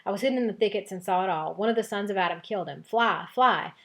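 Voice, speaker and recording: A woman's voice: mid-range voice, quick pace, fairly bright tone, close to an everyday voice. A woman voicing a frantic male wolf messenger while reading a novel aloud to a class, in an urgent tone.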